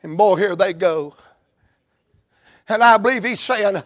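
A man with a Southern US accent preaching a fervent revival sermon in a church, moving from hushed talk to shouts. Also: high voice, a little slow, no room sound, clean studio sound.

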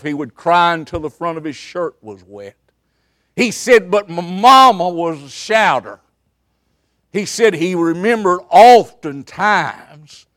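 A man preaching a revival sermon at a camp meeting, swinging between loud outbursts and hushed asides. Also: on the high side.

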